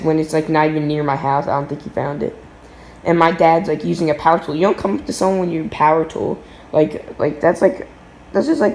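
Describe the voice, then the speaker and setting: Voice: medium pitch, a little mellow, echoey room, slight background noise, rough recording. A teenager telling a casual storytime vlog from a home basement, rambling with lots of fillers and restarts.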